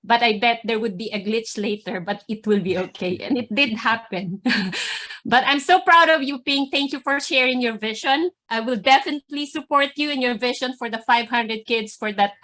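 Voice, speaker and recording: A woman's voice: on the high side, fairly bright tone. Emotional woman on a video call. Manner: emotional, proud, gushing. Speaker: meeting participant. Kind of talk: emotional tribute.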